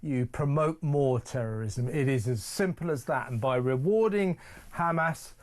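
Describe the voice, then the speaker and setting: A British man speaking as a guest on live talk radio, forceful and repeating phrases for emphasis. His voice sits in a middle range. It is clean studio sound. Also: mid-range voice, a little slow. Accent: British English.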